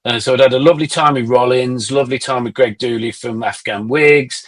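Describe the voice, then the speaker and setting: A middle-aged man sits in as a podcast guest and tells his stories in a loose, conversational way, peppering them with swearing. His voice sits in an ordinary mid range. He turns animated as the anecdotes build. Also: mid-range voice, fairly quick. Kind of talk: casual conversational storytelling.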